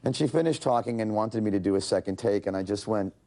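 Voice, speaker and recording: A man in his forties, a talk show guest, telling animated stories in a casual chat. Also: fairly low pitch, quick pace, vocal fry. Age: 40s. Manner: animated storyteller, slips into voices. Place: television studio.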